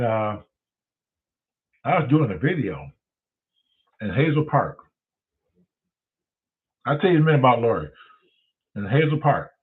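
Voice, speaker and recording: A man telling a casual, profane story as the host of a talk show, acting out every voice. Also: medium pitch. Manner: profane, animated storyteller who acts out the voices. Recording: tinny phone-like sound.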